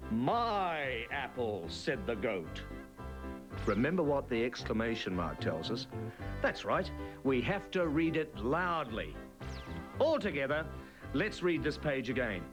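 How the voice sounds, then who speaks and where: A man leads a children's reading lesson in a slow, clear, encouraging sing-song. His voice rises and falls widely, and gentle music plays behind him. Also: mid-range voice, big pitch swings. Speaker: reading teacher presenter.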